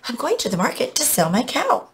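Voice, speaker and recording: A woman's voice: high-pitched, a little fast, pitched above the performer's own voice, full character voice. A woman voicing an eager, hopeful young boy in a read-aloud fairy tale. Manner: eager, excited.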